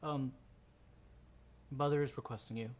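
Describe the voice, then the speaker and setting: A man's voice: medium pitch, steady tone, unhurried, a little mellow, close to an everyday voice. A man voicing a deferential young servant boy who keeps calling people sir, in a tabletop game. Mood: polite. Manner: deferential, calls everyone sir.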